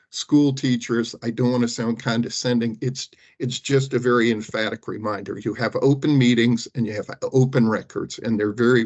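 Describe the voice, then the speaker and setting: A man's voice: mid-range voice, a little mellow. A man serving as general counsel, giving an emphatic, cautionary briefing to board members at a public meeting, with light humor. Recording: muffled meeting-room audio.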